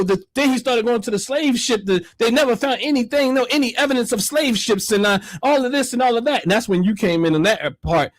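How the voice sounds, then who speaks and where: A man with a notably high voice hosts a casual call-in talk show. He tells stories with energy, laughing as he goes and acting out other people's words. His voice sits close and dry, with no room sound. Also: fairly quick, few pauses, no room sound. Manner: animated storyteller, laughs often, acts out quotes. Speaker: host.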